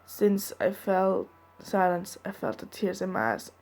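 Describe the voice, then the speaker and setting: A woman's voice: mid-range voice, lively intonation, a little slow, a little mellow. Young-sounding woman reading fanfiction aloud. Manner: casual, earnest, drops in chatty asides. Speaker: fanfiction reader.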